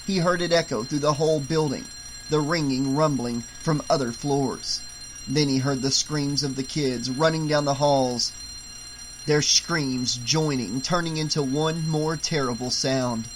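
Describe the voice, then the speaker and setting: A man reading an audiobook in a steady, measured way. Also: medium pitch, background noise. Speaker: audiobook narrator. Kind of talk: audiobook narration.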